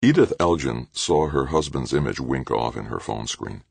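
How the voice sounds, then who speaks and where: A man narrates a novel in a measured, expressive delivery. His voice is extremely deep and gravelly, with a husky grain and a lively rise and fall. The sound is dry and close. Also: no echo. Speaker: audiobook narrator. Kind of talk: scripted narration.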